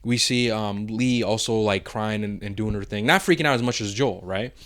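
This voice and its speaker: Animated casual male podcast co-host. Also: fairly low pitch, moderate pace. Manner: animated, laughing, swearing, acts out quotes. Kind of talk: casual spoiler review chat.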